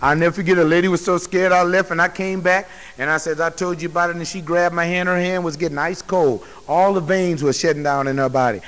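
A male pastor delivering a forceful, direct sermon to his congregation. His voice sits a little high for a man, and a long hall reverb trails each phrase. He presses every point home without softening it. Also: fairly even intonation, fast, hardly any pauses. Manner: emphatic, direct preaching to the congregation.

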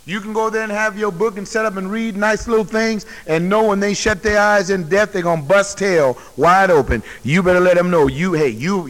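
A man's voice: high-pitched, a bit bright. Emphatic male pastor in a reverberant hall. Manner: emphatic, direct preaching to the congregation. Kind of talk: sermon.

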